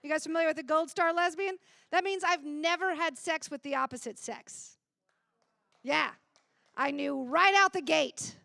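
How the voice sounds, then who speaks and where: A woman's voice: high-pitched, normal speed, gravelly, bright, forceful tone, no echo. A woman emceeing a live comedy show on stage, joking and laughing as she talks into a handheld microphone. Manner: joking, laughing between lines. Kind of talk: live stand-up banter.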